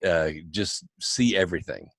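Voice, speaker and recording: Lively low-voiced storyteller man. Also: moderate pace, gravelly, no echo. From United States. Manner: animated, wry storyteller. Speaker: guest author. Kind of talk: anecdotal storytelling.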